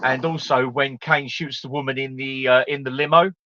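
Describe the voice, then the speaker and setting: A man hosting a casual film chat on a live stream, chatty and animated as he recalls movie scenes. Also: medium pitch, normal speed, slight background noise. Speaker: host. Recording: dry, muffled stream audio.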